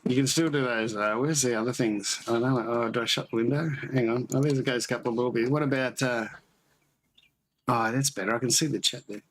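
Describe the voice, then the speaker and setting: A man chats loosely on a homebrewing livestream, drifting between thoughts and restarting his sentences. His voice sits at an ordinary middle pitch. A faint hiss of noise runs under the recording. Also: steady tone, brisk, poor audio. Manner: rambling, self-correcting, tasting beer on stream. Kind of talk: casual live chat.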